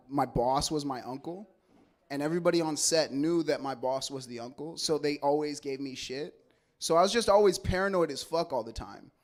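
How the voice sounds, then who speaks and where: A man from El Segundo doing a stand-up comedy set, telling stories in a loose, rambling, profane way with lots of stammered restarts. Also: medium pitch. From El Segundo, California.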